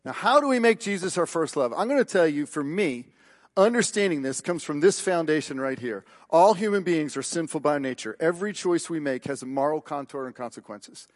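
A man's voice: on the high side, animated, a little fast. A man preaching a sermon, emphatic and questioning, retelling a gospel story. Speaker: pastor.

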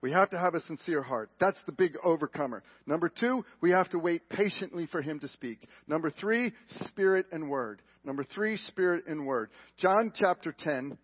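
High-voiced preacher with husky sound. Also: male voice, lively intonation, moderate pace, few pauses, dry recording. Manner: emphatic, swinging from loud questions to hushed lines. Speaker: pastor. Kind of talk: sermon. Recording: dull lo-fi broadcast audio.

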